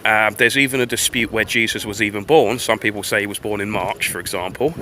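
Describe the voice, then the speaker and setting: A man's voice: fairly low pitch, a little fast, bright, forceful tone, slight background noise. A man livestreaming a rambling, profane commentary while walking outdoors on a town street. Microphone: phone livestream.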